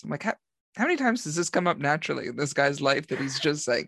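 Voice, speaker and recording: A man's voice: a little high, expressive, quick pace, vocal fry, fairly bright tone, no room sound, clean studio sound. A man chatting casually about a movie, rambling with lots of fillers. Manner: rambling, filler-heavy storytelling. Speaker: podcast co-host. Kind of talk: casual movie review chat.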